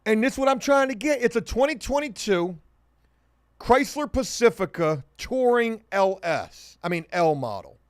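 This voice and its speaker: A man with a high-pitched voice, hosting a casual livestream and chatting with viewers. He jokes around, hyping things up loudly and then dropping into quiet mumbled asides, all in a dry, close sound. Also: expressive, normal speed, dry recording. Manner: joking, swings between loud hype and muttered asides. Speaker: livestream host. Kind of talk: casual livestream chat reading comments.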